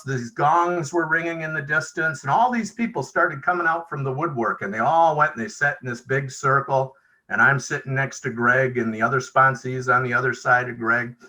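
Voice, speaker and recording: Man sharing at a recovery meeting on a video call; bright, forward voice; casual storyteller who voices the other people in his stories. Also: medium pitch, poor audio. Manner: conversational, acts out quoted dialogue. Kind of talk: storytelling share.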